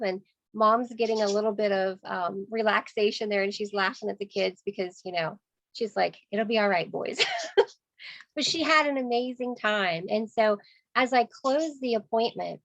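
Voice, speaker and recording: Upbeat woman consultant, a little high-voiced, sharing a client story on a slightly muffled call, playing every voice in it. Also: no room sound. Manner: lively, acts out quoted voices, laughs often. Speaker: skincare sales consultant. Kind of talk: storytelling sales tips on a group call. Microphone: video call.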